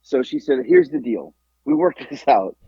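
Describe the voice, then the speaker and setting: A husky-voiced man tells a story on a casual podcast, acting out every part of the exchange. His pitch jumps around a lot as he plays each character. The sound is dry and a little dull. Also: moderate pace, no echo. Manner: animated storyteller acting out both sides of a conversation. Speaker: podcast co-host.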